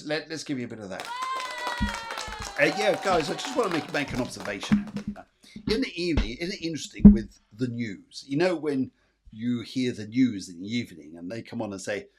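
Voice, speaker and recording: A man's voice: mid-range voice, darkish tone, breathy edge. A middle-aged man hosting a live-streamed psychic show, reading out viewer comments and giving reassuring readings with many fillers and repeats. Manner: reads viewer comments aloud. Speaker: psychic medium.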